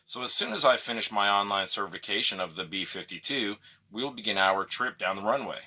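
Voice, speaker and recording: A man voicing a smug male airline captain making a slow, drawn-out cabin announcement. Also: fairly low pitch, animated, pushed and bright, pitched below the performer's own voice, heavily acted.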